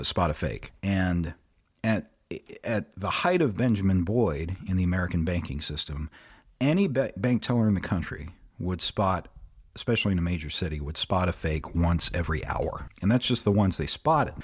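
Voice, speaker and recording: A man, a podcast guest, recapping a history story in a chatty, animated way with asides. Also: deep voice, normal speed, slightly rough. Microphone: podcast mic on a video call.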